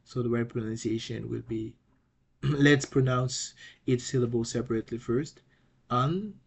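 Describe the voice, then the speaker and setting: A man teaching an online language lesson. He often restarts and repeats words, and he says example words loudly twice. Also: medium pitch, steady tone, gravelly, husky. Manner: halting, restarts and repeats words while explaining.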